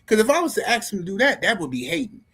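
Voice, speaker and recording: A man's voice: high voice, sing-song, fast, fairly bright tone, slightly rough. A man hosting a live stream, ranting about boxing in a heated, slangy way and speaking straight to his viewers.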